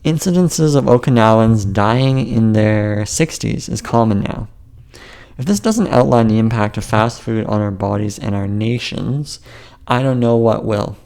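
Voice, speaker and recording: A man's voice: lowish voice, measured pace, gravelly, darkish tone, clear, resonant tone. A man narrating his own memoir as an audiobook, casual and joking, with wry asides.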